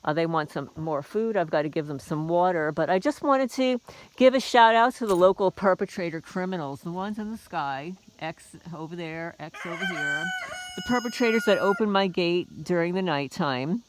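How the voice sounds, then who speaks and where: A woman's voice: fairly low pitch, very animated, moderate pace, a little hiss or hum. A woman vlogging casually from her homestead, rambling and aggrieved with wry asides. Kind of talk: casual walk-and-talk vlog. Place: outdoors on a small homestead near a chicken coop. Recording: outdoor recording with crowing roosters and clucking hens.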